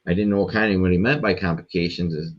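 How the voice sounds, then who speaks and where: A man appearing as a podcast guest, telling a story in a rambling, profane, animated way. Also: low voice, quick pace, dull audio. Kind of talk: casual storytelling.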